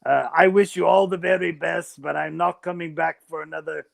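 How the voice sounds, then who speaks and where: A man's voice: a little high, steady tone, moderate pace, gravelly. A man putting on a goofy mock-British Jesus. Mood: silly. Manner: mock-British put-on accent. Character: goofy returned Jesus, male, jokey accents.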